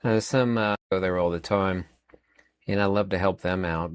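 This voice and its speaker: A man's voice: low voice, fairly even intonation, normal speed, clear, resonant tone, dry recording, clean studio sound. A man in his fifties giving a rambling, emphatic opinion monologue as a channel host, often repeating words and using fillers. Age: 50s.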